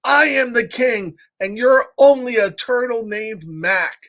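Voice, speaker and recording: A man's voice: extremely high pitch, expressive, slow pace, exaggerated voice. Man doing a bossy, boastful turtle king. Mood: commanding. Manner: loud, commanding, boastful. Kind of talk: reading a storybook aloud.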